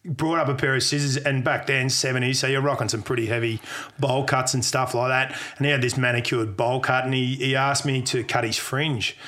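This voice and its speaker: A man in his fifties with an Australian accent, a guest on a chat podcast. His voice is bright and forward, and he tells his stories in a relaxed, reminiscing way. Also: medium pitch, brisk. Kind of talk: casual chat.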